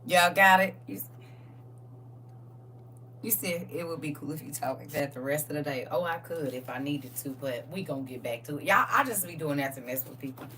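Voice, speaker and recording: A woman with a bright, sharp voice hosts a casual livestream lesson, joking and drawling at her viewers as she leads a reading. She sits a little back from the mic, with faint noise behind her. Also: deep voice, a little fast, recorded from a distance. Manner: playful and joking, laughs often, drawling and teasing. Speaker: livestream host leading a reading. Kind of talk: casual livestream teaching, talking to chat.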